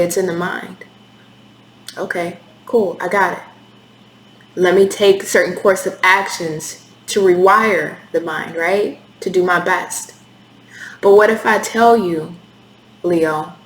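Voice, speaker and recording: A woman's voice: mid-range voice, a bit bright. Woman doing a tarot reading, blunt and intense, swears a lot, roomy echo with faint hiss. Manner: candid, intense, swears often. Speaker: tarot reader. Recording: echoey room with faint hiss.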